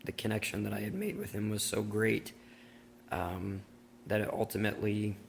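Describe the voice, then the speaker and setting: Low, flat, gravelly male voice. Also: slight background noise. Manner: halting, with many pauses and fillers. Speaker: brother-in-law sharing memories. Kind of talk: personal video tribute.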